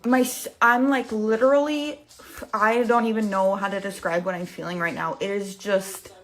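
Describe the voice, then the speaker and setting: A woman's voice: mid-range voice, fairly even intonation, normal speed, fairly bright tone. A woman in an emotional reaction video, outraged, swearing, and lost for words.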